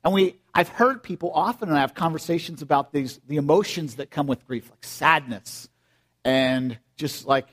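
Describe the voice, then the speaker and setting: Man, middle-aged, pastor, high-pitched, casual sermon, chatty storyteller. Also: moderate pace, fairly bright tone. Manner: chatty and storytelling, acts out quotes in high voices.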